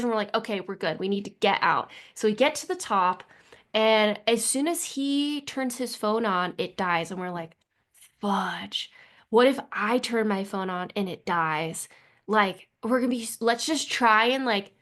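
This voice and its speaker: Bubbly, higher-voiced woman podcast co-host. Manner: animated, filler-heavy with constant "like". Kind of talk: casual chat, storytelling.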